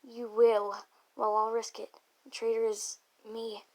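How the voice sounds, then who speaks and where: A secretive, doomed young woman confessing her love, as a woman reading a fanfic puts her on. The voice is slightly high and gravelly with fry, and the lines come out halting. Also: flat delivery, darkish tone. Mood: guarded.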